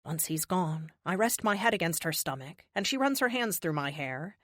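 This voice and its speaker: A young adult woman giving expressive, dramatic first-person audiobook narration. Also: fairly low pitch, moderate pace, dry recording, clean studio sound.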